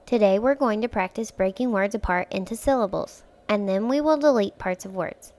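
A woman hosting a phonics lesson for young children, speaking clearly and patiently, stretching words out syllable by syllable and encouraging the listener. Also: mid-range voice, moderate pace, a little mellow. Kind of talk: slow, clear instructional speech for young children.

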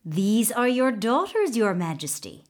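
Female narrator as a scheming male court minister; slow, persuasive counsel. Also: on the high side, sing-song.

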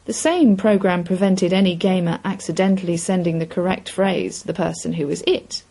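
A woman reading a short story aloud in an expressive, measured storytelling voice. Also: lowish voice, gravelly, poor audio. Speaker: reader. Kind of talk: scripted story narration.

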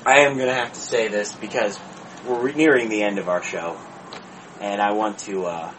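A man's voice: on the low side, fairly even intonation, moderate pace, background noise. A man hosting a podcast, making wry announcements in casual chat. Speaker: podcast host.

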